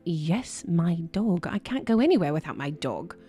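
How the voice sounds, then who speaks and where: A woman's voice: on the low side, sing-song, normal speed, dark tone, husky, faint music behind. A woman voicing a young woman warrior who speaks in a plain, matter-of-fact way. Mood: firm. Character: young woman warrior, devoted to her dog.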